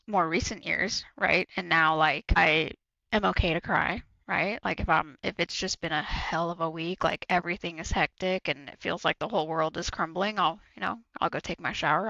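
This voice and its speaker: A man's voice: on the high side, vocal fry, bright, forceful tone, no echo, lo-fi sound. A man co-hosting a podcast, talking candidly and bluntly, swearing freely and repeating himself for emphasis. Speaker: podcast co-host. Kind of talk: candid casual chat.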